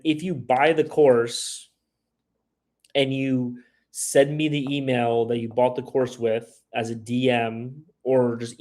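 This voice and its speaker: This travel livestream host has a mid-range, slightly mellow voice. Reading viewer questions, he chats in a loose, rambling style heavy with "like" and "you know what I mean," and puts on voices whenever he quotes someone.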